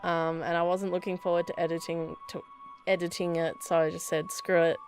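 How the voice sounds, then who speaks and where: A woman's voice: on the low side, level tone, brisk, faint music behind. A young woman hosting a let's play, reading game text aloud and chatting casually, self-deprecating with frequent laughs. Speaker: gaming video host.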